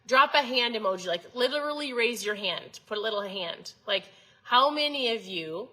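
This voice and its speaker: Female host, 30s, bright voice, chatty motivational coach who asks the audience questions. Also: fairly high pitch, expressive, moderate pace, poor audio. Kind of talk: casual motivational talk to viewers.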